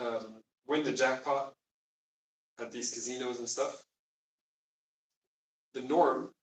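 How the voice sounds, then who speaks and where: A man's voice: medium pitch, a little hiss or hum. A man teaching a Quran class, explaining emphatically and quizzing his students. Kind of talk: classroom lesson. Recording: echoey room, distant mic.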